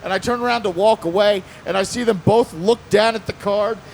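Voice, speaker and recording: A man with a fairly high voice tells a story on a convention panel. He is animated, acts out what people said, and laughs along the way. A faint hiss of noise sits under the recording. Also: fairly quick, gravelly.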